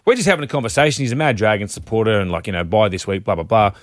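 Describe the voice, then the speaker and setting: A man's voice: fairly low pitch, racing, dry recording, clean studio sound. A young Australian man hosting a breakfast radio show, telling cheeky stories in casual banter. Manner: animated storyteller, cheeky. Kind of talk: casual sports and banter chat.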